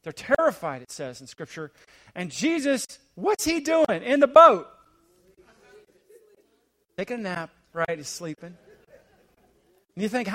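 High-voiced preacher swinging loud to hushed. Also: male voice, very animated, moderate pace, pauses often. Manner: swings between rising, emphatic preaching and hushed, low asides. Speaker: visiting senior pastor. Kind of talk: sermon.

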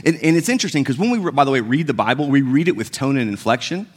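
A man's voice: medium pitch, lively intonation, fast, breathy edge. A man preaching a sermon in a casual, conversational way, acting out the voices of the story as he goes. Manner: conversational, acts out biblical dialogue with shifting tones. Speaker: pastor.

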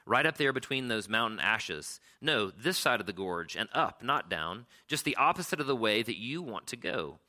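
A man's voice: sing-song, moderate pace, few pauses, pushed and bright, heavily acted. A man reading as an earnest, insistent young girl. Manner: raised pitch, eager and pleading.

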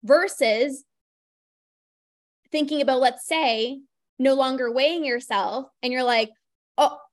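Young woman podcaster, high voice, rambly and chatty, says like a lot. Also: measured pace. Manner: chatty, lots of "like", acts out inner voices. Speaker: podcast host. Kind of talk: casual solo podcast monologue.

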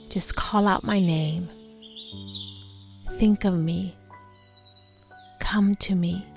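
A gentle, loving Jesus, put on by a woman in her own voice speaks softly and tenderly, at times in a whisper. The pace is unhurried and the tone warm and mellow. Faint music plays quietly behind this guided meditation. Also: on the low side, gravelly, heavily acted. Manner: soft, tender, slow and reassuring, partly whispered.

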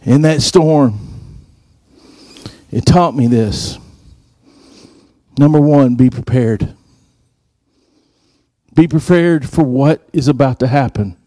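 A man's voice: slow pace, pauses often, mellow, no room sound, studio quality. A man giving a sermon, telling stories and acting out the dialogue. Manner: storytelling, acts out quoted dialogue in a higher voice. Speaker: preacher.

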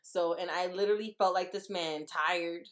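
A woman co-hosting a podcast in a casual chat, talkative and giggly, with relaxed slang. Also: fairly low pitch, moderate pace. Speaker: podcast co-host.

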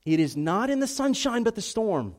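A pastor with a notably high voice preaches in his church sanctuary. He swings between soft, confiding passages and loud, urgent declarations. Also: sing-song, normal speed. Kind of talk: sermon.

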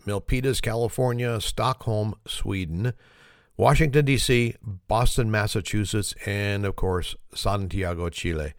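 Low-voiced man hosting a joke podcast. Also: creaky. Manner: chuckles at his own jokes, self-deprecating. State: morning voice. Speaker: podcast host. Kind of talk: casual comedic monologue.

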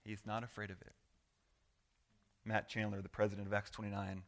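A man preaching a sermon as pastor, earnest and conversational, swinging from loud to hushed and acting out quoted prayers. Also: fairly low pitch, completely flat delivery, brisk, gravelly. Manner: acts out quoted prayers and replies in voice.

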